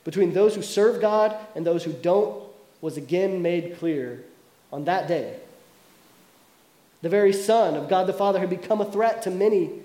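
A pastor with a high, mellow voice tells his sermon like a story, chatting to the congregation with casual asides. His voice carries around an echoey church room. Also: normal speed.

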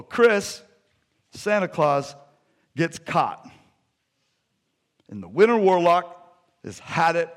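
A man preaching a sermon, retelling stories with lively energy and then dropping to soft, hushed appeals. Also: on the high side. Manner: animated storytelling that drops to soft, hushed appeals. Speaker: pastor.

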